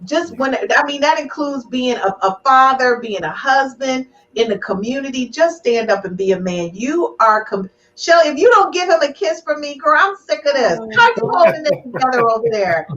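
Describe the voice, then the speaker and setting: A woman hosting a live podcast, who drives her points home with emphatic, preachy repetition. Her voice sits fairly high and comes across a little far from the mic, with a somewhat dull, muffled tone. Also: expressive, moderate pace, hardly any pauses, fairly bright tone. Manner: emphatic, preachy, repeats "do you hear me" and "I'm gonna tell you right now". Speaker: podcast host. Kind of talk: casual live podcast chat. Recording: distant, slightly muffled sound.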